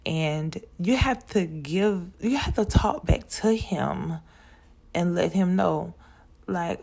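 A woman's voice: lowish voice, lively intonation, takes it slowly, creaky, darkish tone, husky. A woman hosting her own podcast, talking casually and straight to her listeners, often repeating words as she goes. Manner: chatty, repeats words and restarts, addresses listeners as y'all. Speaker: podcast host. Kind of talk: casual monologue.

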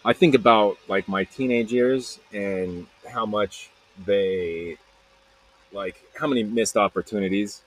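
A man's voice: lowish voice, takes it slowly, a bit bright, a little hiss or hum, rough recording. A man hosting a podcast, telling a rambling personal story in a casual way, laughing often and acting out what others said. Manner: rambling, laughing, repeats himself, acts out others' lines. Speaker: podcast host. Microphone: close podcast mic.

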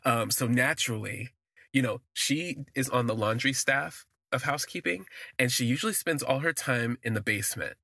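Gravelly, husky man telling his story. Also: medium pitch, bright, forceful tone, dry recording. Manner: conversational, unhurried, lingering on words with fillers. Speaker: podcast storyteller. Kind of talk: personal storytelling.

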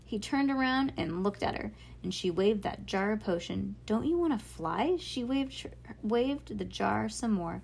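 A woman's voice: mid-range voice, unhurried, gravelly, darkish tone, slight background noise. A woman reading a children's book aloud in an informal way, stopping now and then to correct her own misreadings. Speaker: reader.

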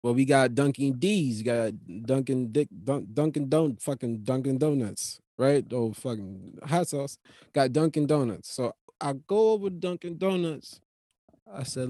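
New guy ranting a funny story, cussing a lot, dry close sound, middle pitch. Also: moderate pace, dry recording. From New York. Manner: profane, animated, rambling. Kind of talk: comic storytelling monologue.

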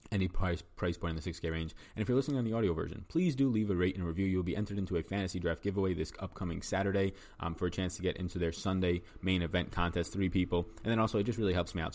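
A man hosting a fantasy sports podcast, giving a solo breakdown of basketball picks in a rapid, talky style with frequent ums and restarts. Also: sits low.

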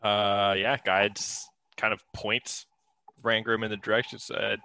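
A man's voice: fairly low pitch, little pitch movement, a little slow, gravelly, sharp tone, clean tone, no echo. A man playing a tabletop game, talking casually and hesitantly, thinking aloud. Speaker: player.

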